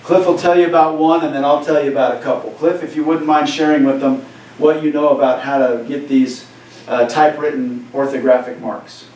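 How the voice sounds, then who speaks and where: A man's voice: fairly high pitch, fairly even intonation, a little fast, darkish tone. A man teaching a Spanish class in a conversational way, checking in with his students by often asking "right?". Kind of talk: classroom lecture. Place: classroom, recorded for cameras. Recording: echoey classroom from far off.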